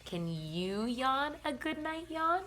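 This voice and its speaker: A woman teacher reading a bedtime picture book aloud to young children, gentle and playful, with soft sighs and yawns. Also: high-pitched, very animated, slow pace, a little hiss or hum.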